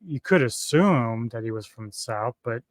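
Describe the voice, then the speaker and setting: A man's voice: mid-range voice, expressive, normal speed, dry recording, studio quality. A man co-hosting a casual podcast, talking bluntly and swearing often. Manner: blunt, profane. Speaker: podcast co-host. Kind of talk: casual chat.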